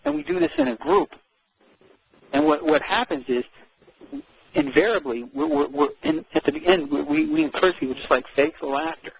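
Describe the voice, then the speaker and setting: Animated gravelly man on a muffled call. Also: fairly high pitch, normal speed. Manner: animated, repeats words, acts out quoted speech. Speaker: co-host. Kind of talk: casual conversational chat.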